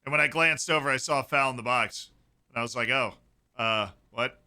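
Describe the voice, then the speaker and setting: A young man talks casually through a live watchalong stream, breaking into sudden excited outbursts. His voice is very bright and forward. It is smooth and crisp. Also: medium pitch, quick pace.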